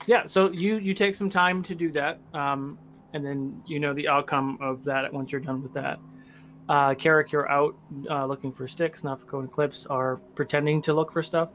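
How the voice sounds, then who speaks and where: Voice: medium pitch, fairly even intonation, normal speed, fairly bright tone, slight background noise. A game master casually narrating a tabletop role-play scene, with plenty of fillers.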